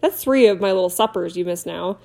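A woman doing a booming, genial old professor. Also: brisk, gravelly, darkish tone. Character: jovial portly old male professor.

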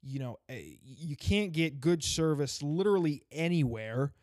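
A man's voice: on the high side, animated, moderate pace, darkish tone, no room sound, clean studio sound. A man delivering an angry, sarcastic rant full of swearing. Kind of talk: ranting stand-up style monologue. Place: lives in the state he complains about.

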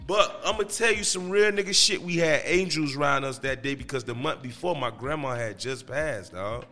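A man's voice: mid-range voice, moderate pace, few pauses, sharp tone, long reverb tail, faint music behind. A man telling a story as a podcast guest in loose, profane street talk. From Miami, Florida. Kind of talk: casual storytelling.

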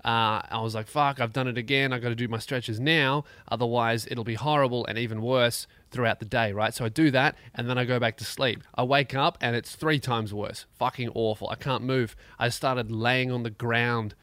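A man's voice: medium pitch, moderate pace, hardly any pauses, clear, resonant tone, no echo. A man hosting a comedic solo podcast, crude and self-mocking, talking through neck pain. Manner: crude, self-mocking, animated with acted-out quotes. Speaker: podcast host.

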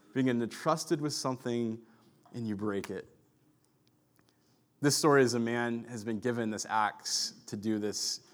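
A male pastor delivering a sermon in a relaxed, conversational style. He tells stories casually, with lots of "like" and filler words. His voice sits at an ordinary middle pitch. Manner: chatty storyteller, heavy use of "like". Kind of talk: sermon with personal storytelling.

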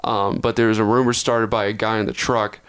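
A man's voice: on the low side, flat delivery, a little fast, fairly bright tone, smooth. A young man from Texas, a podcast co-host, telling a long story in a rambling, profane way, often correcting himself. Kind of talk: casual storytelling.

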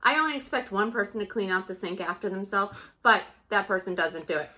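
A woman's voice: medium pitch, lively intonation, fairly quick, sharp tone. A woman in her thirties co-hosting a podcast, talking in candid, profane, laughing banter about family life. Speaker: podcast co-host. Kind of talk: casual chat.

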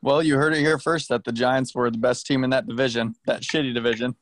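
A man's voice: mid-range voice, steady tone, fast talker. A man co-hosting a casual sports podcast, giving blunt, offhand opinions. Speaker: podcast co-host.

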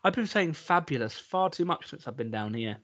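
A man chats as a podcast co-host, playful and talkative. His pitch moves around a lot. The recording sounds a little dull and lo-fi. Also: expressive, brisk, a bit bright, dry recording. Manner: chatty and playful. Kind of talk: casual chat.

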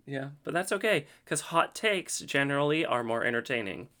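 A man co-hosting a casual podcast, laid-back and quick to laugh, with an actor's playful streak. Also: medium pitch, animated, bright, forceful tone. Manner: theatrical, from acting work. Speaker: podcast co-host. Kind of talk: casual chat.

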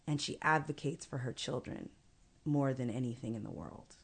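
A middle-aged woman telling a personal family story in conversation, earnest and measured, slowing down for emphasis. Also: rumbling low, creaky, breathy edge. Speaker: guest.

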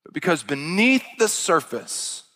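A man's voice: a little high, very animated, a little slow, bright, forceful tone, big-room sound. A man preaching a sermon in an earnest, emphatic way, stressing points through repetition.

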